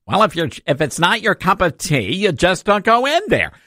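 A man's voice: high voice, very animated, normal speed, sharp tone, no echo, clean studio sound. Man.

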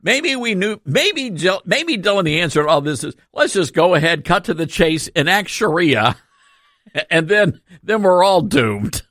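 Animated sarcastic talk radio man. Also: high-pitched, a little slow, no room sound, studio quality. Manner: sarcastic, laughing, animated asides. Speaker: radio talk show host.

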